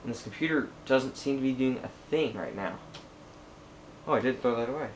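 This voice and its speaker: A man's voice: medium pitch, brisk, a little hiss or hum. Rambling young guy unboxing a computer. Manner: rambling, talks to himself and the computer, easily frustrated. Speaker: tech vlogger. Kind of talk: casual unboxing commentary.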